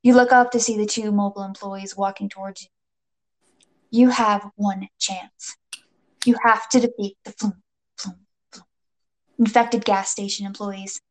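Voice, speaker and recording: A woman's voice: medium pitch, steady tone, normal speed. Playful woman narrating a comic adventure. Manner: playful, dramatic, jokey asides. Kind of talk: second-person comic story narration.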